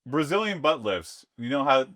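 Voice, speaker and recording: A young man co-hosting a comedy podcast, chatting casually and playfully, quick to leap to dark jokes. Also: medium pitch, very animated, dry recording, studio quality.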